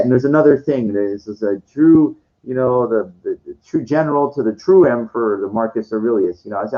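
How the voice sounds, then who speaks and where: A man vlogging in a rambling monologue, swearing often and restarting his sentences over and over with lots of fillers. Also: fairly low pitch. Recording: dull lo-fi recording.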